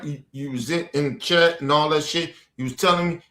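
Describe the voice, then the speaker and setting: A man's voice: fairly high pitch, brisk, fairly bright tone, reverberant. A man ranting at a viewer on a livestream, aggressive and profane. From Baltimore. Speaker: streamer. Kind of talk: livestream rant.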